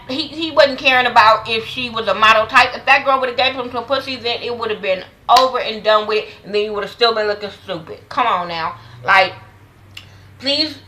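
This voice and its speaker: A woman's voice: fairly high pitch, moderate pace, pushed and bright, rough recording. A woman giving a blunt, profane, slang-heavy casual review of a reality TV episode. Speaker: reality TV recap vlogger.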